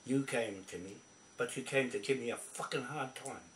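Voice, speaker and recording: A man's voice: mid-range voice, moderate pace, a bit bright. A man ranting angrily at the camera, swearing constantly and confronting people by name. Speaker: video poster. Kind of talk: angry rant to camera. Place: indoors at a computer. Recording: roomy, distant from mic, faint background noise.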